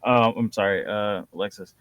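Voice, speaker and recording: A man's voice: lowish voice, fairly even intonation, normal speed, a bit bright, smooth, no room sound. A man co-hosting a casual recap chat, joking and laughing often, with lots of fillers. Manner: jokey, laughs often, hesitant with many fillers. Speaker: podcast co-host.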